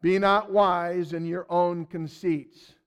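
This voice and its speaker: A man teaching a verse-by-verse sermon in a folksy way, with loud stresses and soft asides, repeating words as he searches. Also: high-pitched, fairly even intonation, slow, smooth. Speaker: Bible teacher.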